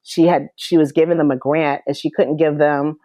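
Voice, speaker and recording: A woman's voice: low voice, fairly even intonation, moderate pace, mellow, no echo, studio quality. A woman as an interview guest, recounting her experiences earnestly and with emotion, often restarting her sentences. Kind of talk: personal storytelling in a podcast interview.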